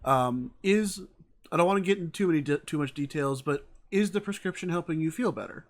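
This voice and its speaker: A woman's voice: low voice, brisk. A woman hosting an interview, who makes dry, wry remarks in casual chat. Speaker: interview host.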